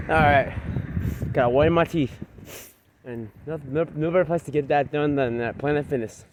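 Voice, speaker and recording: Recorded on a phone camera held out on a selfie stick, a man walks outside vlogging casually, short of breath, swaggering and swearing freely. His voice is on the high side at a moderate pace, against a noisy background.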